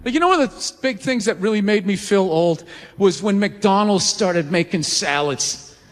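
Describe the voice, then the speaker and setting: A man's voice: sits high, lively intonation, normal speed, music in the background. Ranting man on a live stage. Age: 40s. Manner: ranting, profane, incredulous. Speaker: stand-up comedian. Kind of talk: stand-up comedy. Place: large theater stage. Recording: live theater with crowd and long reverb. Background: audience laughter.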